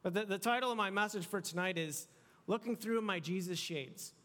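High-voiced casual preacher in a hall. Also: male voice, a little fast, a bit bright. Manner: casual, conversational preaching with many restarts. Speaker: youth pastor. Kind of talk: sermon. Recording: long hall reverb.

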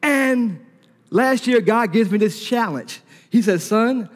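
High-pitched guy preaching, animated storytelling, acts out the back-and-forth, big hall reverb. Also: slow. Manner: animated storyteller who laughs and acts out dialogue. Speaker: preacher giving a testimony. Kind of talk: sermon delivered as a personal story. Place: large hall before a congregation. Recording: long reverb from a large hall.

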